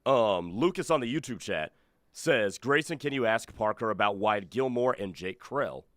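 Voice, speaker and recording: Lively low-voiced radio co-host. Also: male voice, normal speed, no echo, clean studio sound. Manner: chatty, adds questions and reactions. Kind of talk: sports talk radio banter. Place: radio studio.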